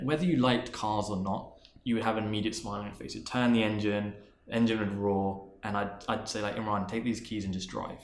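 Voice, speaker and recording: Male interview guest, earnest storyteller, lower voice, echoey room. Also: slight background noise. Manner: earnest, restarts and repeats words. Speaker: interview guest, marketing executive. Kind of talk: reflective storytelling in conversation.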